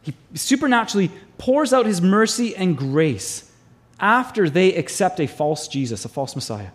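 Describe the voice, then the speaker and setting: A male pastor preaching a sermon to his congregation, animated and acting out voices in the stories he tells. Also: high-pitched, moderate pace.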